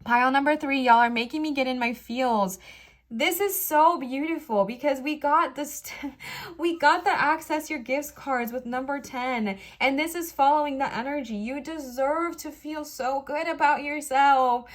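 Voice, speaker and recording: A woman with a fairly high voice reads tarot cards straight to her viewers. She is gushing and heartfelt, piling praise and reassurance on the listener. Her tone is earnest and emotional throughout. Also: moderate pace. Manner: warm, effusive encouragement addressed straight to the viewer; earnest and emotional, says she is about to cry. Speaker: tarot reader. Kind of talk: pick-a-card tarot reading to camera.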